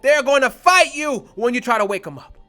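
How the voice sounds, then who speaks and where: A man preaching a fiery online sermon, blunt, confrontational and profane, slowing down to stretch key words for emphasis. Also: extremely high pitch, lively intonation, sharp tone, faint music behind.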